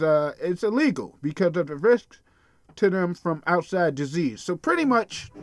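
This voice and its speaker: A man's voice: high voice, no room sound. Blunt, swearing male podcast host. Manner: blunt, swearing, stumbling over names and words. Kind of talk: casual profane rant reading a news story.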